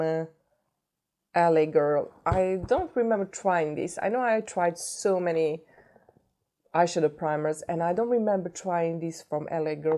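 A woman's voice: on the low side, mellow. A woman opening a gift box for her vlog, gushing and emotional, repeating her words. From Sweden. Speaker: beauty vlogger. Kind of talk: unboxing vlog.

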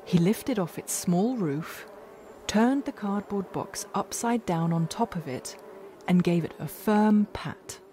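A woman gently narrating a children's bedtime story in a slow, expressive way. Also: mid-range voice, a little hiss or hum.

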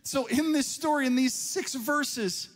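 High-voiced man preaching a lively sermon. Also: unhurried. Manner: conversational storytelling preaching, rising emphatic peaks, drops to a hushed aside. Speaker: pastor. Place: church sanctuary.

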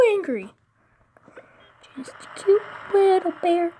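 A woman playing a mobile game, commenting casually and excitably with sudden shrieks and giggles. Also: very high voice, unhurried, heavy background noise.

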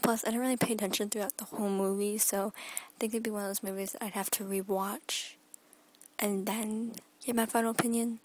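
A woman's voice: medium pitch, little pitch movement, fairly quick, a little mellow, poor audio. A young woman in her teens chatting in a rambling daily vlog from her bedroom, often dropping into a whisper, filmed on a phone held at arm's length. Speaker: vlogger.

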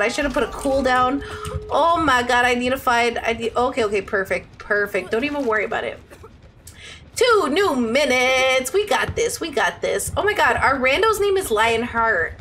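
Excitable high-voiced woman streamer. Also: a little hiss or hum. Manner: excitable, shrieks and laughs during tense play. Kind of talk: live game stream chat.

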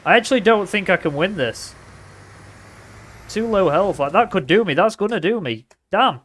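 High-voiced excitable gamer. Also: male voice, normal speed. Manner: playful, excitable trash talk, bursts of shouting. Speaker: gaming commentator. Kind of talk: casual gameplay commentary.

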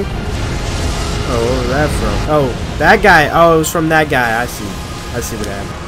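A man's voice: mid-range voice, expressive, measured pace. Young man joking through gameplay. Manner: joking, exasperated self-talk. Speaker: gaming video creator. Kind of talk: casual gameplay commentary. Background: loud game music.

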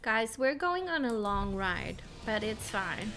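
A woman's voice: on the high side, big pitch swings, slow, a bit bright, soft background music. A woman streaming a video game, chatting and giggling to herself and her viewers at a desk mic. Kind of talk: casual live-stream chat while playing.

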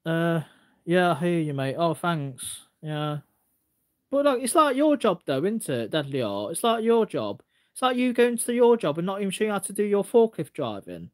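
A man's voice: high voice, very animated, moderate pace. A man ranting casually on a livestream, rambling and repeating himself with stumbling restarts as he answers chat comments.

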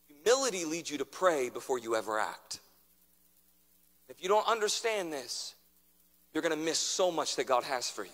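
A man preaching a sermon as pastor, building through repeated refrains and dropping suddenly to a hush. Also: on the high side, sing-song, normal speed, pauses often, long reverb tail.

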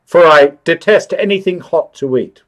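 A man's voice: fairly high pitch, normal speed, voice pushed up, close to an everyday voice. A man voicing a naive, polite man who has come down from the moon, in a storybook reading, raising his voice for the part. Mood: earnest. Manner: polite, earnest, easily startled.

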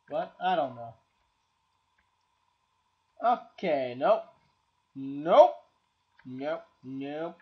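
A man's voice: fairly high pitch, lively intonation, very slow, long pauses, highs cut off. A man with a cold commentating a game, exasperated and swearing, talking to objects on screen. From Canada. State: has a cold. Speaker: gameplay commentator. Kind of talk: let's play commentary.

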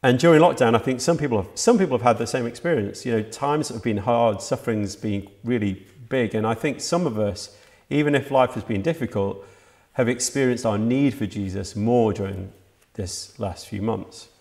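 An adult man past university age preaches a sermon for a church livestream, earnest and reflective. His voice is medium-pitched and darkish, at a moderate pace, and he often restarts his sentences.

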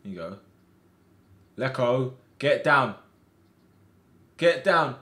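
A man streaming a football management game, reacting out loud with groans and cheers as he commentates. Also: mid-range voice, normal speed, pauses often. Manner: excitable, shouts at players, swings between groans and cheers. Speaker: gaming streamer.

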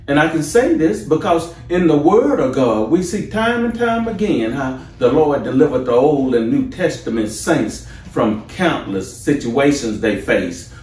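A man preaching a sermon as pastor, slow and deliberate with rising emphasis. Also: medium pitch, darkish tone, reverberant, far from the mic.

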